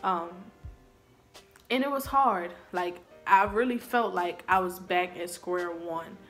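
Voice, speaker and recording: Slow-talking young woman telling her story. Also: fairly low pitch, fairly bright tone, faint music behind. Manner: earnest and confessional. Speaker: vlogger. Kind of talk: personal storytelling to camera.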